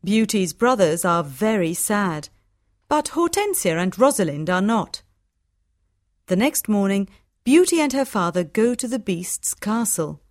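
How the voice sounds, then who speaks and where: A woman narrates a storybook in a clear, measured way. Her pace is slow and her pitch sits in the middle. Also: big pitch swings, no room sound, clean studio sound.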